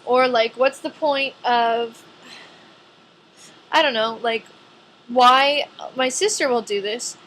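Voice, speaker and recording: A woman's voice: on the high side, slow pace, long pauses, a bit bright, slight background noise. A nineteen-year-old woman talking casually to camera in a vlog, chatty and filling her sentences with "like". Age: young adult. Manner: chatty, says "like" a lot. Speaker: vlogger.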